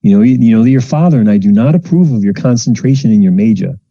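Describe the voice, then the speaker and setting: A man's voice: medium pitch, animated, fast, warm tone, no room sound, pitched above the performer's own voice. A man voicing a doting, emotional middle-aged mother who stammers and clings. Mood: pleading. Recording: muffled lo-fi home recording.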